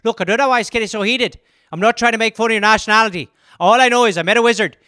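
A man putting on a thick Irish accent to play a man cursed with it, arguing with locals in loud, rapid banter. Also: sits high, smooth, dry recording, clean studio sound. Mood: heated. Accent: put-on Irish.

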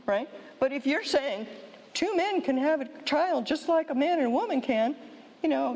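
Middle-aged woman, conference speaker, emphatic rhetorical delivery, mid pitch, long hall reverb. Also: a little mellow. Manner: emphatic, rhetorical, frequent "okay?" check-ins. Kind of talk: conference talk. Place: seminary hall.

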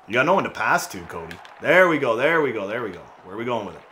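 A man calls out his own hockey video game play in a loose, excitable commentary style. His pitch swings widely, and his voice has a bright, forceful edge. There is a faint hiss of noise under it. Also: fast talker. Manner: excitable, mocking teammates, frequent laughs and shouts. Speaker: gaming YouTuber. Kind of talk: casual gameplay commentary.

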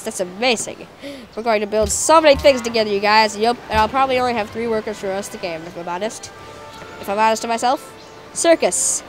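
A woman hosting a gameplay video with casual commentary, excitable and jokey, talking to her game units. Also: on the high side. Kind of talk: casual let's-play commentary.

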